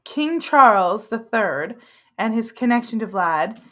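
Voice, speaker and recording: A woman's voice: on the high side, animated, unhurried, a bit bright. A woman hosting a casual podcast chat, talking loosely and often trailing off mid-thought. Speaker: podcast host.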